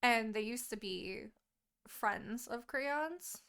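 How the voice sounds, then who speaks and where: A woman co-hosting a podcast, retelling a book's plot in casual chat, animated and full of swearing. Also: on the high side, slow, vocal fry, clear, resonant tone. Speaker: podcast co-host.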